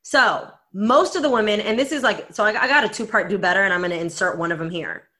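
Bright-voiced woman telling a lively story. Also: medium pitch, quick pace. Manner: animated storytelling, frequent "like" fillers. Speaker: podcast co-host. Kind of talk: casual chat.

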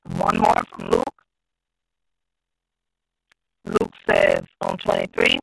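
Gravelly deep-voiced man preaching scripture. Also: completely flat delivery, fairly bright tone, faint music behind, low-quality recording. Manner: slow, deliberate reading with repeated phrases. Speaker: Bible teacher. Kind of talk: scripture reading and sermon.

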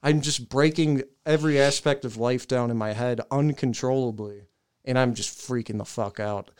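A young man on a podcast, telling a long profane story in a casual, animated way and laughing as he goes. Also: medium pitch, normal speed, clean tone. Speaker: podcast co-host.

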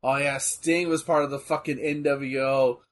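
A man in casual chat about old wrestling, blunt and swearing freely, with animated bursts. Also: mid-range voice, normal speed.

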